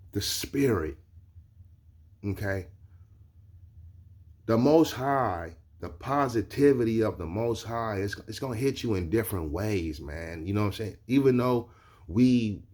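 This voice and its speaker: A man's voice: fairly low pitch, darkish tone. A man casually telling a personal story, loose and conversational, with constant check-ins to the listener. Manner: loose and conversational, keeps asking "you know what I'm saying". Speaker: vlogger.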